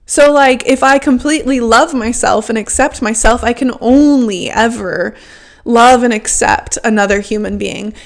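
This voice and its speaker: A woman hosting a podcast, talking frankly and emphatically in a casual self-help monologue, with lots of "like" fillers. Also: medium pitch. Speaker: podcast host.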